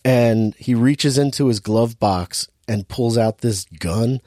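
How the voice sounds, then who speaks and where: Man, casual movie recap, laughs a lot, mid pitch, dry close sound. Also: takes it slowly, dry recording. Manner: animated storyteller, laughs often, acts out quotes.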